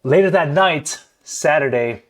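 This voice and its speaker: A man's voice: on the high side, animated, measured pace. A man hosting a boxing podcast in a chatty, easygoing way, often stumbling and repeating words. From Philippines. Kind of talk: casual chat.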